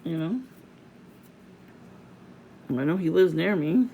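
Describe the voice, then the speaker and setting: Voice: medium pitch, expressive, takes it slowly, dark tone, slight background noise, low-quality recording. An adult vlogger venting in a casual, profane rant to the camera, laughing often.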